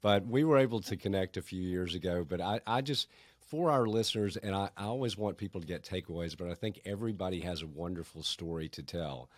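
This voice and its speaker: A man's voice: deep voice, brisk, no room sound. A man hosting a podcast interview, asking questions in an admiring, chatty way. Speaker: podcast host.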